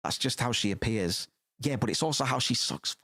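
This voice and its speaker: A man's voice: mid-range voice, fairly quick, bright, forceful tone, husky. A man streaming, chatting casually and rambling, swearing freely with many restarts.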